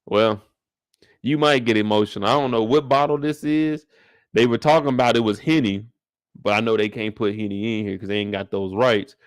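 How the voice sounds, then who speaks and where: A man's voice: lowish voice, fairly quick, no room sound, studio quality. A young man hosting a casual live after-show discussion. He talks in slang, jokes around, and speaks straight to the show's characters. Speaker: TV recap host.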